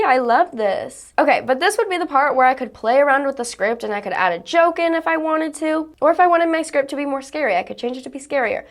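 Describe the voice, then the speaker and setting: A woman YouTuber talking through a software demo in a casual, chatty and bubbly tutorial style that wanders off on tangents. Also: sits high.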